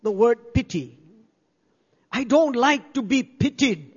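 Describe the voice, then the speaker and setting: An older man preaching with a strikingly high voice, pressing his points by repeating words and calling out for amens. His voice rings through a reverberant church hall and sounds a little dull and muffled. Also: lively intonation, slow pace, husky. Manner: emphatic, repeats key words, calls for amens. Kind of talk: sermon.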